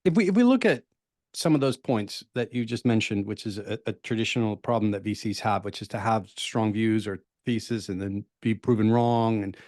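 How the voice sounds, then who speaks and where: A man's voice: fairly low pitch, moderate pace, a little mellow, no room sound. Man asking long interview questions, dry sound. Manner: long, layered questions built up step by step. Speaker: podcast host.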